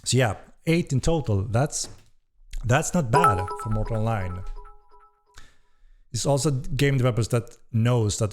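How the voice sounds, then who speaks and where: A man with a mid-range voice hosts a casual live-stream Q&A as a game developer, reading chat questions aloud. He speaks unhurriedly with long pauses, relaxed and hesitant, swearing casually, while faint music plays behind.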